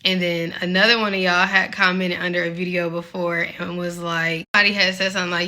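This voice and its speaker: Bright-voiced young woman, slightly breathless. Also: lowish voice, level tone, fairly quick, hardly any pauses. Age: 20s. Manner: candid, earnest, encouraging, many "like" fillers. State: a little out of breath. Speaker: faith vlogger. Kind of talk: casual faith talk to viewers.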